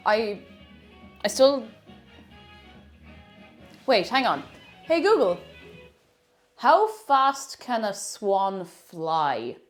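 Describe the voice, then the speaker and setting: Lively chatty Irish woman streamer. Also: medium pitch, extremely slow, long pauses, faint music behind. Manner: chatty, reads out chat, lots of restarts. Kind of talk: casual live-stream chat.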